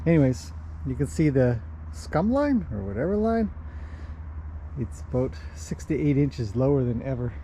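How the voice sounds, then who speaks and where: Strolling outside with his horses, this horse trainer and owner chats casually for a vlog and greets the animals in a lifted, sing-song way. His warm, mid-range voice swings widely in pitch at a moderate pace, with a little hiss or hum in the recording.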